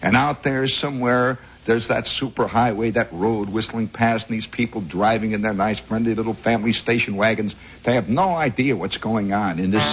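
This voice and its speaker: A man's voice: lowish voice, normal speed, few pauses, music in the background. A man from Indiana telling a rambling story as a radio host, on a dull 1960s radio recording. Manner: rambling, animated, husky raconteur. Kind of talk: storytelling monologue.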